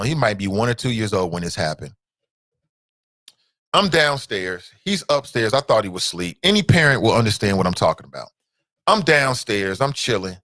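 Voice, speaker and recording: A man hosting a talk show with a bright, forceful voice that swings widely up and down. He talks in a playful, trash-talking way and stretches out his words. The sound is close and dry. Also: medium pitch, no room sound. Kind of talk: casual radio-style talk show monologue.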